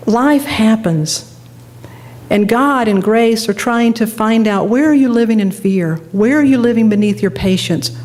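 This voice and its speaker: With a slightly high voice, a middle-aged female minister delivers a sermon built around a personal story. Her telling is animated, and she laughs at herself.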